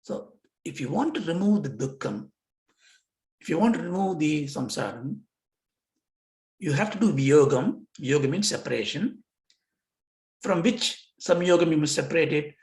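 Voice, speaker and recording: A man's voice: on the high side, lively intonation, moderate pace, long pauses, a little mellow. A man teaching yoga philosophy, acting out questions and answers with himself. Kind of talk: lecture on scripture. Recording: roomy echo.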